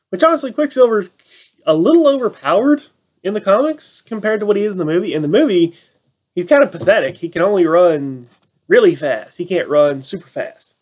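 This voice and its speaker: Sarcastic high-voiced man reviewing a movie. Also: animated, brisk, darkish tone. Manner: sarcastic, acts out quotes in mocking voices. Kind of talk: casual film review rant.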